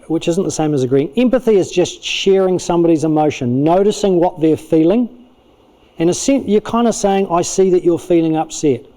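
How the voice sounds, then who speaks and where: Lively New Zealand psychologist, mellow voice. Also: male voice, fairly high pitch. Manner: animated, acts out parents and kids in quick asides. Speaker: clinical psychologist giving a church parenting talk. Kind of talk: lively spoken teaching talk. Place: church auditorium.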